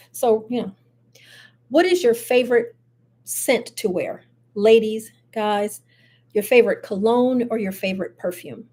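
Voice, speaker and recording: An older woman hosting a casual live chat show, chatty and animated with frequent laughs. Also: fairly high pitch. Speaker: host.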